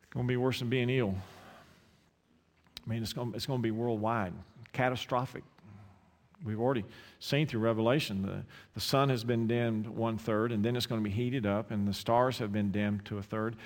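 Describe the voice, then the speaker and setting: A man with an Eastern North Carolina accent preaching a sermon, impassioned, with repeated restarts and dramatic pauses. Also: mid-range voice. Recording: long hall reverb.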